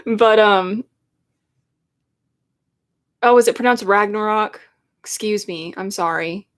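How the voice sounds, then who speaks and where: A woman's voice: medium pitch, animated, slow pace, pauses often. A young adult woman who is a YouTuber, chatting casually and emotionally on a live stream in a rambling way. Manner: emotional, rambling fan talk.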